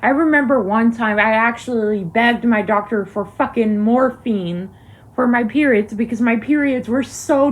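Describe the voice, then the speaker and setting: A young woman ranting heatedly to camera in a vlog, emphatic and swearing often. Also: fairly high pitch. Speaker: vlogger. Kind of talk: angry to-camera vlog rant.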